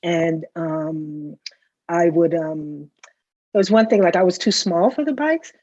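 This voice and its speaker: Speaking unhurriedly in a fairly low, slightly mellow voice, a middle-aged woman from the Bronx, New York, joins as a customer guest and tells stories in casual conversation, tacking "right?" onto her lines. She is heard through a video call, with dry, dull, lo-fi audio.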